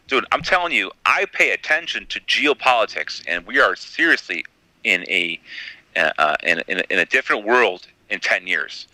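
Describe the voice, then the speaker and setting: A man's voice: fairly low pitch, animated, moderate pace, bright, forceful tone, dry recording, rough recording. Blunt, swearing man in a heated debate. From United States. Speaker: podcast host.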